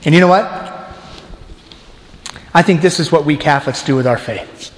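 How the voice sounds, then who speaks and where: A man preaching a storytelling sermon as a deacon, animated and acting out crowd voices. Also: on the high side, normal speed, reverberant, big-room sound. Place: church.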